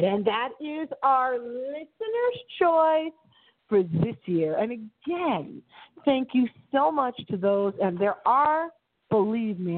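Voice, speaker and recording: A middle-aged woman hosting her internet radio show alone, talking in a theatrical, dramatic way with big swings in pitch. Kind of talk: solo radio show monologue. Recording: phone-line audio.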